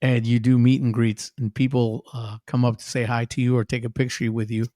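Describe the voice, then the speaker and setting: A man, a musician guest on a podcast, telling animated stories in casual chat and laughing often. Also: medium pitch, brisk, no room sound, studio quality.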